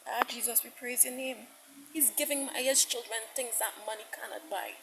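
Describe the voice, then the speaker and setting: A woman's voice: on the high side, steady tone, normal speed, creaky, very noisy. A woman preaching a sermon message with passion, repeating herself, stammering into restarts and quoting God at length. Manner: impassioned, repetitive, quotes God at length.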